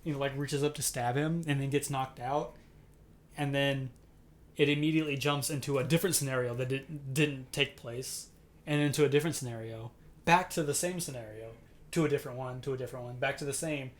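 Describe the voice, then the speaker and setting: Animated man retelling a trailer. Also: mid-range voice, brisk. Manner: animated storyteller, acts out quoted lines. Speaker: podcast co-host. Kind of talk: casual chat.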